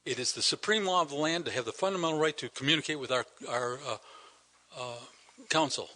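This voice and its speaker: A man's voice: on the high side, a little fast, bright, forceful tone. An older man giving an indignant public comment to a town council, firing rhetorical questions with emphatic stresses. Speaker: citizen delegate at council meeting.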